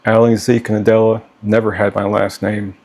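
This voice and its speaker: Talking to his children directly to camera in a personal vlog, a middle-aged father is earnest and pleading, regularly asking "okay?" as he grows heated. His fairly low, darkish voice barely moves in pitch and runs at a moderate pace.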